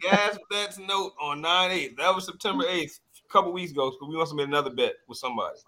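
A man's voice: fairly high pitch, fast, pushed and bright, low-quality recording. A young man arguing bluntly and with profanity in casual sports banter with friends. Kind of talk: casual trash talk among friends.

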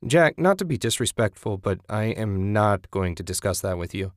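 A man's voice: on the low side, big pitch swings, normal speed, no echo. Male narrator doing uneasy young city guy, polite and hesitant, slightly raised voice, dry sound. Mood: firm. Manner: hesitant, placating.

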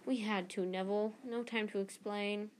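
A woman reading aloud and voicing a determined young schoolboy who talks in a hurried, urgent way. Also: mid-range voice, fairly even intonation, slight background noise, natural voice, low-quality recording.

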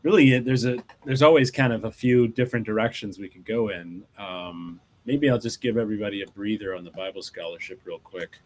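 Laid-back low-voiced male guest. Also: fairly quick, few pauses, rough recording. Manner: relaxed, laid-back, with fillers. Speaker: author guest. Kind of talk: casual podcast chat.

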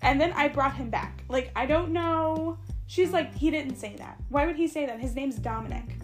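A woman's voice: high-pitched, moderate pace, soft background music. A young woman, a massage therapist, telling a story in casual chat and acting out the dialogue with laughs. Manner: animated, acts out dialogue with laughs. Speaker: podcast co-host, massage therapist.

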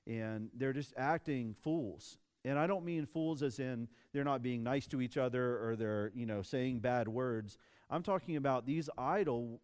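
Young male pastor, casual storytelling sermon, smooth clear voice, mid pitch. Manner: casual, animated storytelling with restarts.

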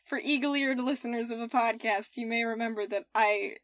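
High bright-voiced woman, podcast chat, animated and sweary. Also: normal speed, no room sound, clean studio sound. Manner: animated, swearing, laughing storyteller. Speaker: podcast co-host and game master. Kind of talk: casual chat.

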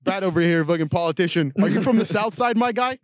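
A young man co-hosting a casual podcast, his voice sitting a little high for a man. He talks loud and profane, riffs jokes and laughs a lot. The sound is dry and close, with no room around it. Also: quick pace, dry recording. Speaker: podcast co-host. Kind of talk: casual chat.

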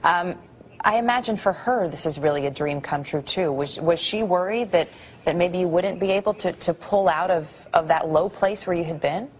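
Gentle, low-voiced woman TV interviewer. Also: moderate pace, slight background noise. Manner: gentle, rephrases her questions. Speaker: TV news anchor. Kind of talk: morning show interview.

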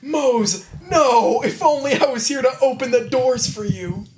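A podcast host putting on a voice for a frantic, melodramatic man in a comedic retelling, pitched high and strained. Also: a little slow, noisy background. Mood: anguished. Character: frantic, melodramatic male office worker.

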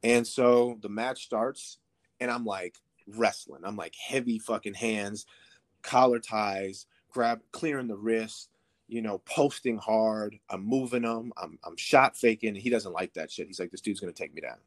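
Low-voiced man telling a story, profane. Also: a little slow. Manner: profane, rambling, filler-heavy. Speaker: podcast guest. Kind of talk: casual storytelling.

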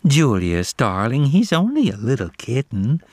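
A man's voice: mid-range voice, expressive, normal speed, no echo, clean studio sound, pitched above the performer's own voice, natural voice. Man doing sly female cousin cat, cooing, honeyed, mocking, lifted voice, storybook.

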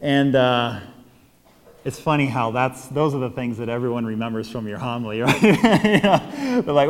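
A man with an American accent, a priest giving a homily, an animated storyteller who acts out quotes and laughs often. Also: mid-range voice, moderate pace, in a large hall. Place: church.

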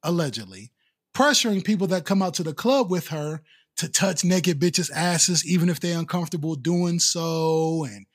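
A man's voice: a little high, lively intonation, moderate pace. A man co-hosting a podcast, chatting casually and profanely, often acting out quotes in mocking voices. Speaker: podcast co-host. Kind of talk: casual comedic chat.

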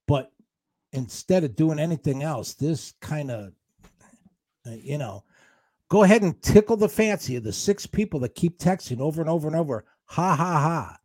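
A male co-host argues heatedly on air, his pitch jumping around a lot as he defends himself. The sound is dry and close, with no room around it. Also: warm tone, breathy edge, dry recording. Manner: defensive, combative, fast rants. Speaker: radio show co-host.

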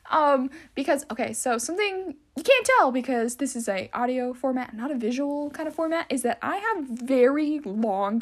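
Young woman, high bright voice, casual rambling podcast host, lots of "um" and "like". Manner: rambling, chatty, heavy on filler words. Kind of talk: casual solo podcast chat.

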